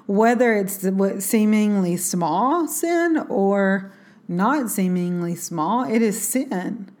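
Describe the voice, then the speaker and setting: A woman's voice: mid-range voice, expressive, slow, darkish tone. A woman in a casual faith talk, speaking earnestly and reflectively, with many fillers and restarts. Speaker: Christian speaker.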